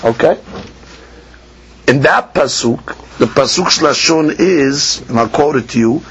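A man teaching a Talmud lesson, chanting the text in a sing-song and then explaining it quickly, asking and answering his own questions. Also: a little high, a bit bright, slight background noise. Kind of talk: Talmud lecture. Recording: dull lo-fi podcast recording with faint ambience.

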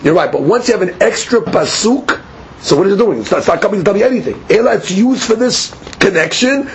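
A teacher with a strikingly high, light voice gives a study class lecture, animated and fast-talking. He explains patiently, pausing to pose questions to himself and then answer them, over a faint hum of ambience.

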